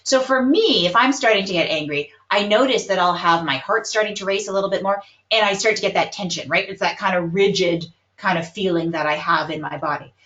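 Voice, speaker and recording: A woman psychologist calmly explaining coping strategies in a webinar, hedging often with "kind of". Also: medium pitch, a little fast, hardly any pauses. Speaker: psychologist guest. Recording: roomy, dull lo-fi webinar audio.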